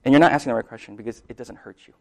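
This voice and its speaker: A man preaching in a relaxed, conversational way, like a pastor talking with his congregation. His voice sits at an ordinary middle pitch. He drops to near-quiet asides, then rises to emphatic points, checking in with his listeners as he goes. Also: racing, vocal fry. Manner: conversational, lots of "right?" asides and laughs; loudness swings widely between soft and emphatic. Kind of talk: sermon.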